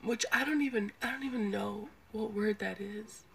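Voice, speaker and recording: A woman's voice: medium pitch, moderate pace, creaky, a crowd in the background, low-quality recording. A woman telling a story in a giggly, self-amused way. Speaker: social media storyteller. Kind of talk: casual storytelling.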